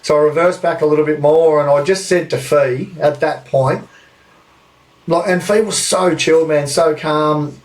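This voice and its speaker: A man's voice: on the high side, a little slow, distant mic. A man in his thirties with an Australian accent, telling a rambling anecdote on a podcast and swearing freely. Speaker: podcast host. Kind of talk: casual storytelling.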